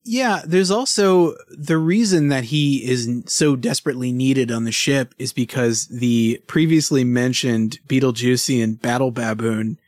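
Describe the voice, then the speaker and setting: A man in a mid-pitched voice co-hosting a casual podcast over a remote call. He thinks aloud, pausing and restarting often. The sound is dry with no room. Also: darkish tone, no echo. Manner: thoughtful, hesitant, many fillers. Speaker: podcast co-host. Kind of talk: casual chat.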